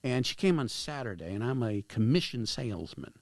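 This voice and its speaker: A man, a screenwriter guest, telling anecdotes in a casual, animated way in a studio. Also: mid-range voice, brisk, no echo. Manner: animated, acts out dialogue with lively shifts. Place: podcast studio.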